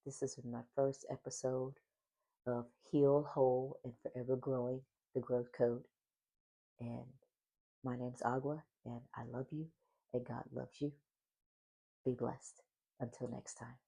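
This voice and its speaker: A man's voice: mid-range voice, flat delivery, a little slow, gravelly, long pauses, warm tone, husky. A man hosting a solo faith-based podcast, talking with a smile in his voice and repeating affirming phrases. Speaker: podcast host.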